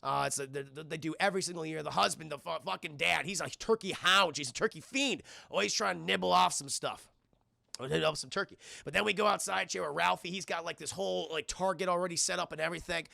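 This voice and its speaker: A man's voice: a little high, fast, creaky, pushed and bright, dry recording, studio quality. A man streaming a casual, profane film recap, rambling and constantly addressing his chat.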